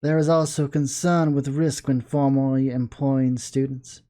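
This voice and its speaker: A man with a Southern accent voicing a stern, formal male school official who speaks in a measured, composed way. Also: mid-range voice, flat delivery, mellow, pitched above the performer's own voice, close to an everyday voice. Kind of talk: video game dialogue reading.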